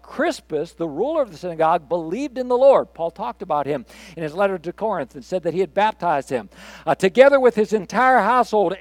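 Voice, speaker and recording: An older man, a pastor, preaches a recorded sermon in a fairly high voice. Speaking conversationally, he pushes some lines out loud and drops others to quiet asides. The sound is dry and close, with no room echo.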